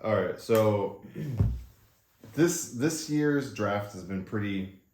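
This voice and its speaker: A man's voice: fairly low pitch, animated, extremely slow, a little mellow, slight background noise. A young man co-hosting a podcast in casual chat, laid-back and teasing, trailing off with filler words. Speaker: podcast co-host. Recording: echoey room.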